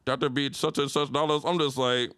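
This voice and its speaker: A young man from Detroit, a podcast guest telling a story in casual slang and jumping into loud, high-pitched retellings. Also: fairly even intonation, fairly quick, clear, resonant tone.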